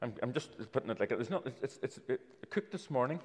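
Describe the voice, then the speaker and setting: A male preacher gives a children's talk sermon, his voice rising and falling in a lively storytelling way. He draws listeners in and invites them up. The sound carries a long reverb from a church hall. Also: medium pitch, quick pace. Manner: storytelling with props, inviting people up.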